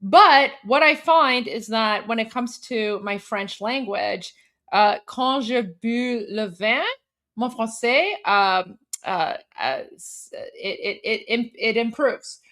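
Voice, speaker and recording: A woman hosting a reaction stream, eating while she mockingly comments on a clip and switches between English and halting French. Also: on the high side. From Canada. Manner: mocking, scornful and animated. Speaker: host.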